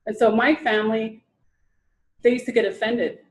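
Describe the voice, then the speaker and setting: A woman's voice: fairly high pitch, fairly even intonation, moderate pace, a little hiss or hum, low-quality recording. Woman trainer lecturing conversationally. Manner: conversational, restarts sentences, acts out quotes. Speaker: presenter at a training session. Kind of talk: informal lecture to an audience.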